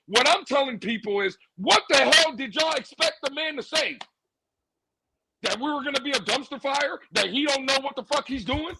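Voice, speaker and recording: A man's voice: extremely high pitch, animated, moderate pace, vocal fry, background noise. A man ranting sarcastically as a sports podcast co-host, repeating lines for emphasis. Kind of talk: heated sports commentary.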